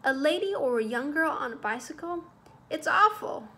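A woman's voice: high voice, lively intonation, moderate pace, bright, forceful tone, voice pushed up, exaggerated voice. A woman voicing a fussy, anxious, old-fashioned male schoolmaster who lectures primly and frets. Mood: anxious lecturing. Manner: agitated, prim and lecturing.

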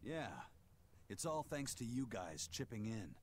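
A man voicing a bold pirate crewman who speaks in a steady, matter-of-fact way in game dialogue. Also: medium pitch, a little slow, a little hiss or hum.

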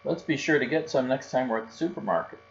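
A man's voice: medium pitch, quick pace, lightly acted. A man reading a storybook aloud and voicing a fussy father bear who loves his snacks. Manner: exclaiming, fussy. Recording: dull recording with faint hum.

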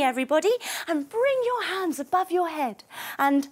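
A woman leads a storytelling yoga class for children in a playful, animated way. Her voice is high and swoops through a wide, lively range, and she unhurriedly gives gentle instructions, with faint music behind her. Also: moderate pace. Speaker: kids yoga teacher.

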